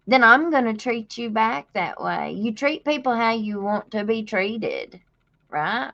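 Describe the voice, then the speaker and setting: A woman's voice: on the high side, a bit bright, lo-fi sound. A woman, telling a story to her viewers in casual chat, folksy and drawling, laughing often. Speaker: livestream host.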